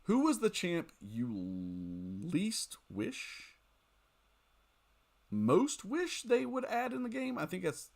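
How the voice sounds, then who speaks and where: A man's voice: high-pitched, huge pitch swings, takes it slowly, gravelly, a little mellow. A man streaming a mobile game late at night, chatting casually, reading viewer comments aloud, joking and laughing often. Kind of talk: casual live-stream chat while playing.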